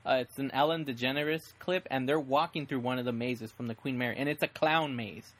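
A young man hosts a casual podcast in a mid-pitched voice. He rambles eagerly, restarting his sentences as he gives tips and recommendations. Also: fairly even intonation, a little fast, fairly bright tone. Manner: rambling, enthusiastic tip-giving with restarts. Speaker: podcast host. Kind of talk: casual chat.

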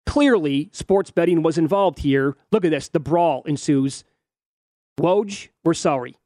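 A man's voice: on the high side, measured pace, no echo, clean studio sound. A middle-aged man hosting a sports betting talk show, animatedly narrating fan videos with mock outrage. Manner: animated, mock-outraged, acts out fans' lines. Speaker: sports betting radio host.

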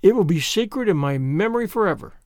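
A man's voice: high voice, animated, fairly quick, darkish tone, no room sound, clean studio sound. A man voicing a dreamy, romantic orphan girl who speaks in flowery, theatrical phrases. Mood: wistful.

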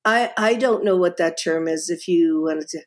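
A woman's voice: fairly low pitch, moderate pace. A middle-aged woman, a guest author in a podcast interview, talking with passion and emphasis, often repeating words and restarting.

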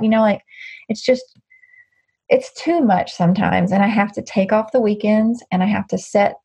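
Woman, interview guest, candid, rambling, husky, muffled recording. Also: mid-range voice, a little mellow. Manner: candid, rambling, frequent restarts. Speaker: guest, social media creator. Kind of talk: casual interview chat.

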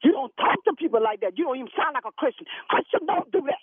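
A woman with a high voice, lively intonation, and fast delivery plays a sassy church secretary answering the phone. Preachy and sharp-tongued, she scolds the caller. The phone line sounds tinny, and the recording is dry with no echo.

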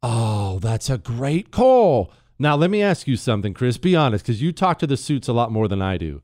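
A man hosting a talk radio show, delivering an opinionated monologue with sarcastic asides and sudden playful jumps in pitch. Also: normal speed, no echo, studio quality. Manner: sarcastic, animated, jumps to a high playful voice when joking.

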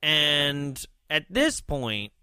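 A man's voice: on the high side, very animated, drawn-out words, sharp tone, clear, resonant tone, dry recording, studio quality. A young man chatting casually on a podcast, reviewing a movie in a rambling way with lots of fillers and restarts.

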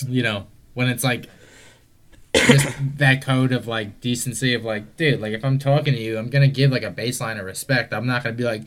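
A man's voice: on the low side, a bit bright. A man in casual chat, telling laid-back stories with some swearing. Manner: laid-back storyteller, profane.

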